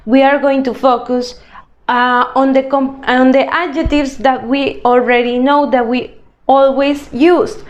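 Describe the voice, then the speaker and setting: Teacher, woman, high voice, slow careful delivery for young learners. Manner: slow, patient, explains step by step with frequent "okay?". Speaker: English teacher. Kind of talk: recorded grade-school grammar lesson.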